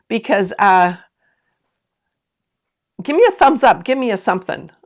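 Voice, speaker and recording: A woman hosting a sewing live stream from home, chatting to viewers, reading out their comments and laughing often as she tells a story. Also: medium pitch. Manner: talks straight to viewers with lots of asides and questions. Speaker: sewing channel host.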